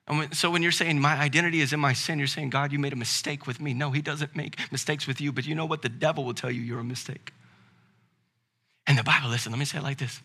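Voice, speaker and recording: A male pastor with a Southern American accent delivering a sermon, building to loud, emphatic preaching and then dropping to a quiet tone. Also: a little high, breathy edge.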